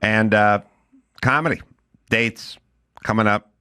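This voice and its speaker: A man's voice: fairly low pitch, slow, clear, resonant tone. A middle-aged man hosting a podcast, telling stories casually and acting out both sides of his conversations. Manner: animated storyteller, acts out both sides of phone calls. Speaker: podcast host. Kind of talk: casual chat.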